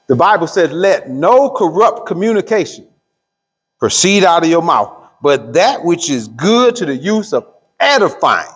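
A middle-aged pastor teaching a Bible study, asking the room questions and drawing out key words. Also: male voice, on the high side, breathy edge. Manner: call-and-response questions to the room; drawls key words slowly. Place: church hall. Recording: long hall reverb.

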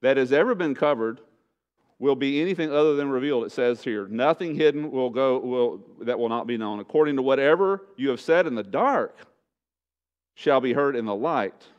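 Animated preaching pastor, dull lo-fi sound. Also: male voice, medium pitch. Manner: animated preaching, rising loud and slowing for emphasis. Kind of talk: sermon. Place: church sanctuary.

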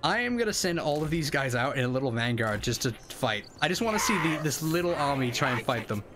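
A man with a Northern English accent giving casual, animated commentary on a livestream, swearing freely and laughing often. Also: mid-range voice, fairly quick, background noise. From northern England. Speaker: streamer.

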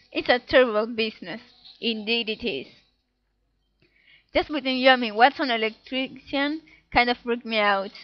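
A woman with a fairly high voice plays through a game, narrating with playful giggles and reading the on-screen text in little voices. It's casual let's play commentary, recorded dull and dry at home with no echo.

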